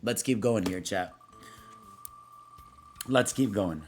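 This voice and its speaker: With faint music behind him, a young livestreamer reads chat prompts aloud and wanders off into casual, slang-heavy chatter, laughing and acting out quoted characters. He speaks slowly in a lowish, slightly mellow voice.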